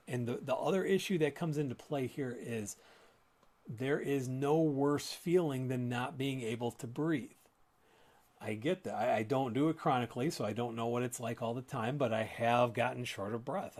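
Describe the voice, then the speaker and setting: A man's voice: mid-range voice, a little mellow. Man explaining lung health, casual and plain. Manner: conversational, explanatory, with frequent restarts. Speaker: respiratory therapist and show host. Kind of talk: live educational talk.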